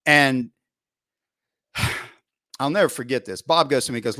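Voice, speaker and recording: A middle-aged man, a football coach, telling casual anecdotes as a podcast guest, with lively asides and the odd curse word. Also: medium pitch, normal speed, no echo, studio quality. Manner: lively storyteller, frequent "right?" asides, occasional swearing.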